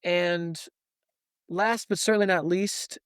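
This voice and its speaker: A man's voice: sits high, steady tone, takes it slowly, clean tone, no room sound, studio quality. A man hosting a casual podcast, chatty and joking as he leads each segment. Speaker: podcast co-host. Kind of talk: casual chat.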